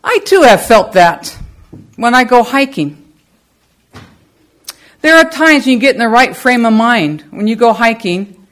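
A woman in middle age speaks to her congregation at a slow, deliberate pace. Her voice rises and falls in wide, animated swings as she tells her stories. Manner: lively storyteller with animated pitch. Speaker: service leader. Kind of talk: spiritual talk to a congregation.

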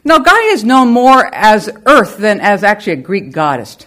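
Lively woman leading a spiritual service. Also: moderate pace. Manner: lively storyteller with animated pitch. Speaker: service leader. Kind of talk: spiritual talk to a congregation.

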